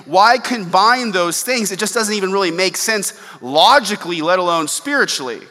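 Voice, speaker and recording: Young adult male pastor, chatty sermon delivery, bright and slightly high voice, long reverberant room. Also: normal speed. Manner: conversational, animated, acts out quoted exclamations.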